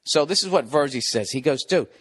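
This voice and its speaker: A man's voice: medium pitch, animated, fairly quick, breathy edge. A man hosting his podcast alone, ranting sarcastically and with lots of swearing, breaking into mocking impressions. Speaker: podcast host. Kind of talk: solo rambling podcast monologue.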